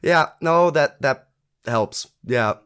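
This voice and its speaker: A man's voice: medium pitch, animated, takes it slowly, a bit bright, clean tone. A man co-hosting a podcast in casual chat, thinking aloud with frequent restarts and fillers. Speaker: podcast co-host. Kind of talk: casual chat reviewing a TV episode.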